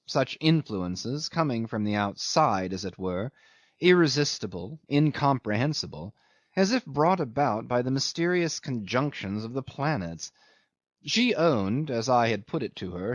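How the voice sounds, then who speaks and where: A man narrates a literary novel in a measured, brooding voice, leaning into key words for emphasis. His pitch sits in an ordinary middle range. The recording is dull and lo-fi, dry and close. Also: no echo. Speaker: audiobook narrator.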